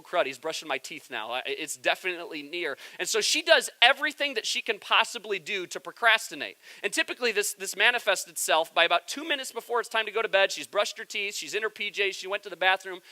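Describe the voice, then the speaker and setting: A man in his thirties delivers a sermon with a high, keen voice. His tone is very bright and cutting, and he shifts into easygoing, humorous storytelling, chatting with his congregation. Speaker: pastor.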